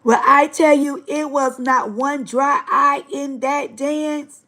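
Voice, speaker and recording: A woman's voice: sits high, fairly even intonation, slow pace, sharp tone. A woman hosting a livestream, giving an earnest, emotional faith testimony straight to her viewers. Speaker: livestream host. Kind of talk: live-stream faith testimony.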